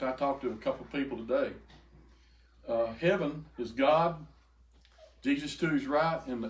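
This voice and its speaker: Older man, halting testimony, mid pitch, roomy echo. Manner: halting, repeats words, quotes others. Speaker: speaker giving a testimony. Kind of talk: emotional personal testimony to a group. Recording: echoey room, faint noise.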